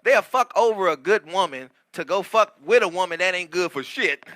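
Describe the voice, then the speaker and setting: A man's voice: high voice, animated, moderate pace, sharp tone, no room sound. A man co-hosting a comedy talk show, telling stories full of profanity and laughter. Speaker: co-host. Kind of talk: casual comedic chat.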